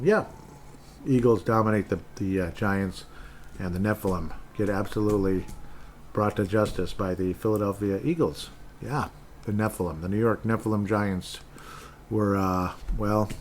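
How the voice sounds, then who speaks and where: A man's voice: lowish voice, fairly even intonation, unhurried, long pauses, slight background noise. A man from Minnesota hosting a sports podcast, rambling casually with sarcastic asides and frequent restarts.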